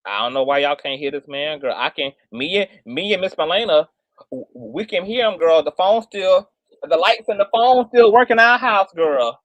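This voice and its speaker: A man's voice: high voice, moderate pace, a bit bright, dry recording. A man hosting livestream commentary in a sassy, theatrical way, peppered with "girl" and "child". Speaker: commentary channel host.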